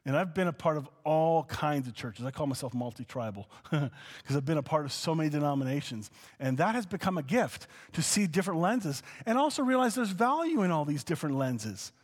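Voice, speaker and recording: Animated male preacher, hall reverb. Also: a little high, fairly quick. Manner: animated, conversational, swings between soft asides and excited exclamations. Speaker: pastor. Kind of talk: teaching sermon.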